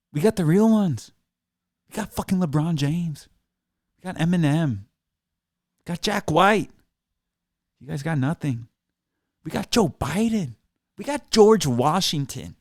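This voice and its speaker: A man rants from a small studio room in a heated, mocking streamed monologue, swearing freely. His voice sits a bit high for a man, and the sound is close and dry with no room echo. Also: darkish tone. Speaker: drummer streaming a rant. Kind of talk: profane sarcastic rant to camera. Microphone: computer mic while seated.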